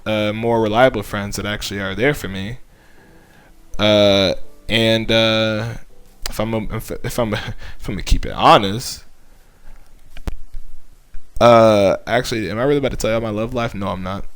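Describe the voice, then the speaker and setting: A man's voice: lowish voice, fairly even intonation, moderate pace, pauses often, a bit bright, clear, resonant tone. A young man, a YouTuber, speaking earnestly and conversationally as he shares a personal faith testimony. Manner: earnest, heartfelt, conversational with frequent fillers. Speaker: YouTuber sharing his faith.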